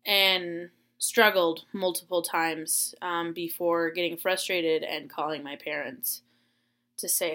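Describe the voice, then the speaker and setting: A young woman from Florida, a teacher, rambles through a personal story in a relaxed vlog. Her voice is bright and clear. She is chatty, pokes fun at herself, and fills the pauses with "uh" and "um". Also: lowish voice. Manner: chatty and self-deprecating, with many fillers.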